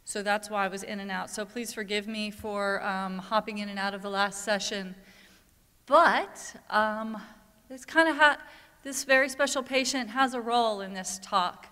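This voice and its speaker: Her mid-range voice is pushed and bright, clear and resonant, moving at a normal speed. This woman, a parent advocate speaking at a conference, recounts a personal story candidly and conversationally, with the hall's long reverb around her.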